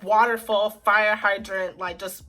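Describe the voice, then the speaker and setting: A woman's voice: mid-range voice, flat delivery, unhurried, bright, forceful tone, faint music behind. Rambling emotional young woman vlogger. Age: 20s. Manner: rambling and emotional, full of "like" and "freaking". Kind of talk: storytime vlog.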